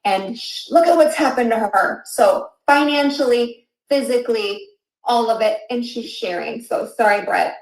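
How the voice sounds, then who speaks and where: A woman's voice: on the high side, unhurried. A woman hosting an online webinar, giddy and effusive, pleading with her audience. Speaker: webinar host. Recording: roomy echo.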